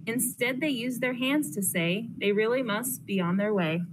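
A woman's voice: fairly high pitch, moderate pace. Sing-song young woman reading a storybook. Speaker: counselor intern. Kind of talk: reading a picture book aloud to children. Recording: noisy classroom recording.

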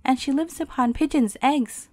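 A woman's voice: sits high, moderate pace, a little mellow, no echo, lightly acted. A woman voicing an earnest little princess. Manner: pleading, indignant. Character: young princess girl, earnest and easily hurt.

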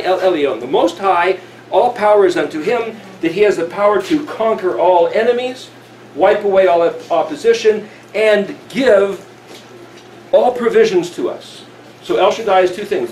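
A man's voice: high-pitched, a little mellow. A man teaching scripture, reading verses aloud and then explaining them in a conversational way. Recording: roomy with faint background noise.

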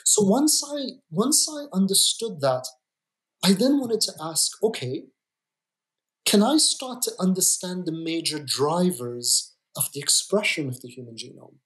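A male geneticist guest on a podcast, explaining with emphatic, deliberate stresses and repeated words. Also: sits high, lively intonation, fairly bright tone. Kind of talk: podcast interview.

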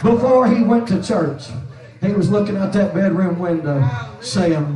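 A man preaching a holiness sermon as pastor, shouting his lines with a rhythmic "uh" between phrases. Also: sits high, animated, moderate pace, a crowd in the background. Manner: shouting preacher with constant "uh" cadence. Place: church sanctuary. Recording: echoey church hall from far off.

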